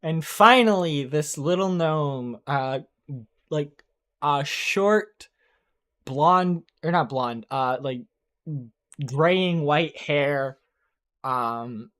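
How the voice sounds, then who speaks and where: A man narrating as game master in a tabletop game, casual and halting, with many fillers. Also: a little high, a bit bright, clear, resonant tone.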